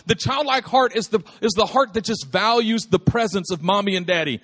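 A man preaching a lively, humorous sermon, repeating phrases for emphasis and calling out to his listeners. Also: high-pitched, brisk. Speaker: pastor.

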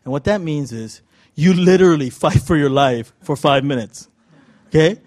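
A middle-aged male pastor tells a sermon story in loose, chatty speech, full of "uh"s and "like"s. His voice sits a touch higher than most men's. He pokes fun at himself as he goes. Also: expressive, normal speed, a little mellow. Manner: casual, self-deprecating storytelling with many fillers.

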